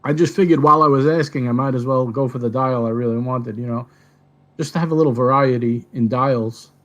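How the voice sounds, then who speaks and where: A man calling in to a livestream chat, talking in a calm, matter-of-fact way. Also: medium pitch, fairly quick. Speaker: caller on a livestream. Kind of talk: casual chat. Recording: muffled lo-fi call audio.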